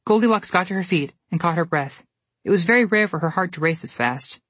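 A woman telling a storybook tale in steady, expressive scripted narration. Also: lowish voice, fairly quick, no room sound.

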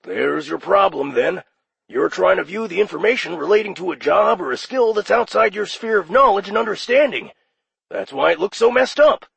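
A man voicing a friendly male demon phone operator with a raspy voice and chummy customer-service patter, in an audiobook. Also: high-pitched, lively intonation, moderate pace, a bit bright, dry recording, voice pushed up, full character voice. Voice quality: raspy, gravelly. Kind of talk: audiobook character voice.

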